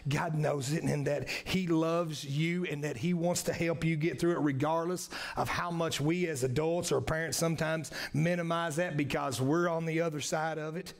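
A man with a high, gravelly voice preaches an earnest sermon in a church. He leans on repetition and keeps checking in with his listeners with "right?" at the end of his phrases. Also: fairly even intonation, moderate pace, few pauses. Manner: earnest, repetitive, frequent "right?" tag questions. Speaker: pastor. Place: church sanctuary.

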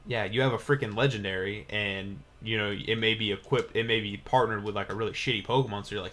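A man's voice: fairly low pitch, fairly even intonation, quick pace, hardly any pauses, fairly bright tone. A man co-hosting a casual gaming chat while playing, laid-back and slangy, swearing casually. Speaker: co-host of a game challenge series.

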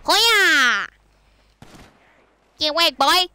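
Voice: high-pitched, very animated, takes it slowly, pushed and bright, full character voice. A gamer putting on a bratty voice as a self-proclaimed old policeman, taunting other players with repeated insults over game voice chat. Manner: taunting, mocking, repetitive insults. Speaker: online game troller.

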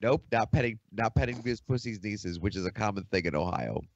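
A man's voice: on the low side, expressive, brisk, no echo, highs cut off. A man co-hosting a casual podcast, telling crude, wry, rambling stories. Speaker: podcast co-host.

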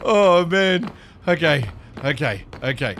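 Excitable man. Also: on the high side, takes it slowly, a little hiss or hum. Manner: excitable, talks to himself, yelps and laughs. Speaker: Minecraft streamer. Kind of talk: live gameplay commentary.

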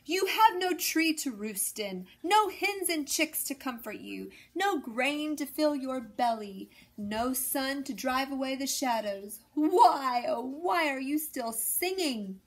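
A bullying storybook mayor, cranky and loud, who growls and huffs through each line, as a woman reading puts him on. His voice sits fairly high, and he talks slowly. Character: cranky bullying middle-aged male mayor.

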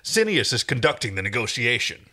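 A man's voice: mid-range voice, sing-song, a little fast, pushed and bright. A man voicing a short-tempered male alien warrior in a blunt, growling way. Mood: grumbling.

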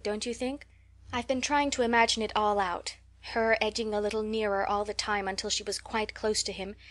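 A woman's voice: on the high side, fairly bright tone, close to an everyday voice. A woman reading an audiobook, voicing a talkative, dreamy eleven-year-old orphan girl who gushes in a breathless, romantic way.

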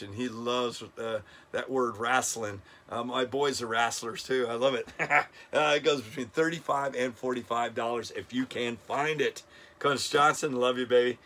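A man's voice: mid-range voice, a bit bright. A middle-aged man hosting a casual toy countdown vlog, enthusiastic and chatty, often stumbling over names. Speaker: toy review channel host.

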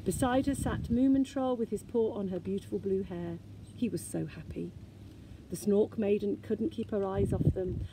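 Gravelly-voiced woman reading a storybook. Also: mid-range voice, moderate pace, a little hiss or hum. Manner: gentle, expressive reading. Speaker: teacher reading aloud. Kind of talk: storybook read-aloud.

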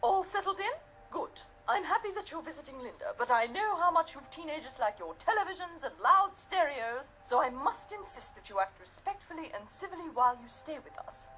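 An actress playing a prim, formal older widow who runs the manor, speaking in a video game. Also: female voice, high-pitched, bright, forceful tone, full character voice. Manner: formal, scolding, sometimes wistful.

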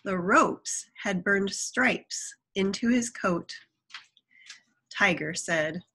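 A woman's voice: medium pitch, drawn-out words, sharp tone, husky, rough recording. A woman reading a children's folk tale aloud, adding chatty asides to the listener. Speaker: storyteller.

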